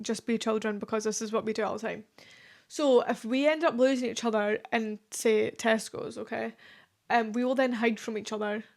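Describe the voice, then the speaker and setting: A young woman in her twenties hosting a solo podcast, talking in a chatty, confessional way with lots of fillers. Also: fairly high pitch. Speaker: podcast host. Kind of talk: casual solo podcast chat.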